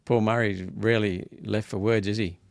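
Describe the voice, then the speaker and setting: A man's voice: fairly low pitch, flat delivery, normal speed, gravelly, no echo. Indignant man, dry sound. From Australia. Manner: indignant, repetitive, rising to emphatic outbursts. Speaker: senator hosting a political wrap-up. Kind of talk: casual live political commentary.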